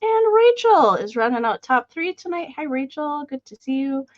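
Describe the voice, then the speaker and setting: Lively chatty woman host, muffled sound. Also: high-pitched, normal speed, no echo. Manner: chatty, greets viewers by name. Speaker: live sale host. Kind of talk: casual live-stream chat.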